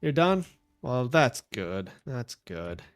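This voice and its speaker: A man's voice: mid-range voice, big pitch swings, slow pace, clear, resonant tone, soft background music. Chatty man streaming a game. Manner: rambling, chatty, talks softly to his pet. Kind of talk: casual chat while gaming.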